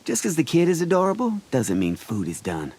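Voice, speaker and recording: A man voicing a teasing, cocky teenage boy who cooks in a video game, with a lively voice. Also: fairly high pitch, a little fast, husky, heavily acted. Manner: teasing, playful.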